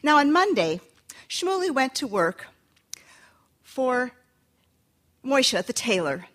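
Brief: woman storyteller, animated pitch, slightly high voice, folktale for listeners. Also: slow pace. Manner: lively, animated, inviting listeners to join.

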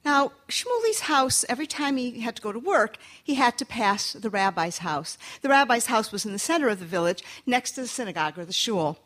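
Lively woman telling a folktale. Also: a little high, fairly quick, few pauses. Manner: lively, animated, inviting listeners to join. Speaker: storyteller. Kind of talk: folktale storytelling to an audience.

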